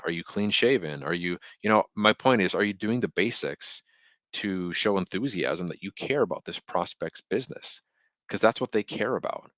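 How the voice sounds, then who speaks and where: A man's voice: low-pitched, dry recording. A man speaking as a marketing consultant guest on a podcast interview, talking emphatically and firing off rhetorical questions. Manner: animated storyteller who acts out quotes.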